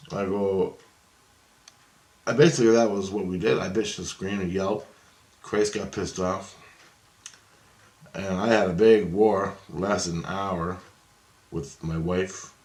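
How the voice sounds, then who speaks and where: A man with a lowish voice rants on at length, agitated and swearing freely. The sound bounces around an echoey room. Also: steady tone, slow pace, long pauses, darkish tone. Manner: agitated, profane ranting. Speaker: vlogger. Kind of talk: rambling spiritual monologue.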